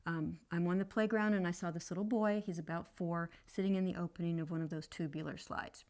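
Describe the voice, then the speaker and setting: A woman's voice: on the low side, fairly even intonation, a little fast, darkish tone. Woman explaining parenting with a story, chatty, um's here and there. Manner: conversational storytelling with fillers. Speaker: parenting educator. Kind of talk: teaching through a spoken anecdote.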